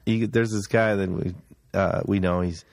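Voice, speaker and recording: A man's voice: deep voice, steady tone, moderate pace, gravelly, no room sound, studio quality. A hungover man from Wisconsin chatting casually, swearing freely and telling stories. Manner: profane, storytelling, mimics voices. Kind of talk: casual chat.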